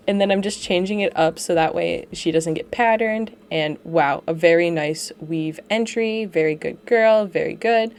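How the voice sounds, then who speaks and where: A woman with a slightly low voice talks through her dog training footage in a relaxed, chatty way. She pokes fun at herself and laughs often. She records the voiceover from home, seated beside her dog. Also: unhurried.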